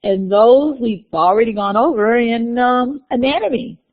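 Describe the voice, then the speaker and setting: A woman's voice: on the high side, measured pace. A woman lecturer explaining course material to her class in a classroom, with frequent "uh" fillers and small restarts. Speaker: university lecturer. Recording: phone-like lecture recording.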